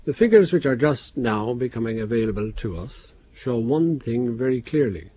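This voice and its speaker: A man giving a formal public address in a measured, grave manner. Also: mid-range voice, animated, mellow, husky.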